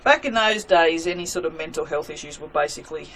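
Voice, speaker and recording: While making soap, a woman chats casually to her viewers, poking fun at herself and muttering to herself as she works. Her voice is low-pitched, fast and a bit bright, with a little hiss or hum in the recording.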